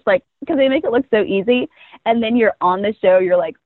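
Lively young woman from North Carolina, phone-thin sound. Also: a little high, fast talker, dry recording. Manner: animated storytelling, acting out quoted dialogue. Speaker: guest. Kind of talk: casual interview conversation. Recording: tinny phone-like sound, very dry.

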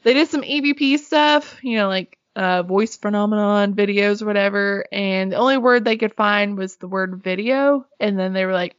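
A woman's voice: medium pitch, moderate pace, hardly any pauses, no room sound, dull audio. A woman retelling a show in a casual, sarcastic chat, laughing and swearing as she goes.

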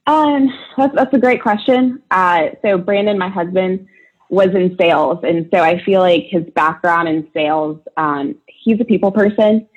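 A woman, a gym owner and athlete, chatting as an interview guest from her gym over a video call, upbeat and quick to laugh. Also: on the low side, slightly rough, dull audio. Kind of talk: casual interview chat.

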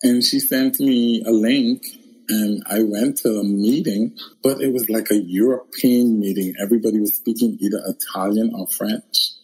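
A man's voice: on the low side, moderate pace, slightly rough, low-quality recording. A man from the Bahamas, a guest in a casual interview, telling his story expressively and laughing often. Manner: expressive, laughs often, acts out quoted voices.

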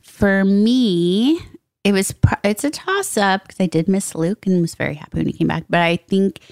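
A woman's voice: mid-range voice, moderate pace. Jokey woman chatting as a guest. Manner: jokey, animated storyteller. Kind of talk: casual chat.

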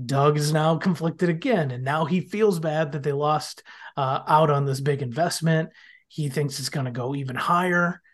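A man on a podcast, retelling the plot in a casual, animated way and often slipping into characters' lines. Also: a little high, moderate pace. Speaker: podcast guest. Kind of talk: casual podcast episode recap.

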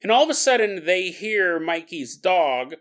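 Animated, joking male podcast host. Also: high-pitched, measured pace. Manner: joking, laughs often, acts out voices. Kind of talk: casual storytelling.

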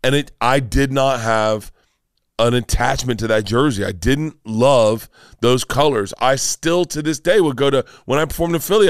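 A man in his fifties, a comedian guest, telling stories in casual podcast talk, animated and rambling with many restarts. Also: mid-range voice, moderate pace, clean tone, no echo, clean studio sound. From Florida, United States.

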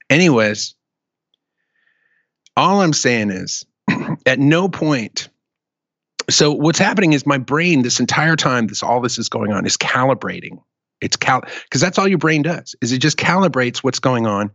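Animated, swearing man ranting. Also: medium pitch, unhurried, creaky, no echo, lo-fi sound. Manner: animated, profane storytelling rant. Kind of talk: casual chat.

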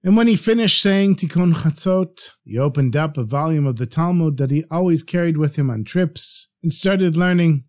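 Expressive male storyteller, slightly high voice. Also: moderate pace, hardly any pauses. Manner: expressive, acts out characters' pleas. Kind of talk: storytelling narration.

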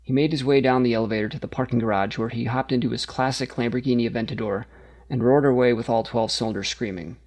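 A man's voice: mid-range voice, steady tone, fast, a little mellow. A man reading a satirical story aloud, narrating steadily and lifting his voice for the characters' dialogue.

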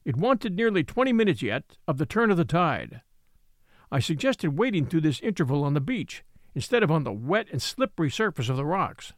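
A man narrating a classic novel in a measured, expressive reading. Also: on the high side, no room sound. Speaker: audiobook narrator. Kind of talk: scripted narration.

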